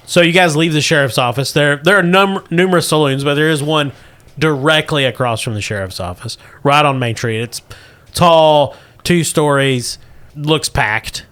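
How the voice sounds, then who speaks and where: A man's voice: on the high side, moderate pace, fairly bright tone, clear, resonant tone. A man running a comedy tabletop game as game master, narrating in a laid-back way and laughing often.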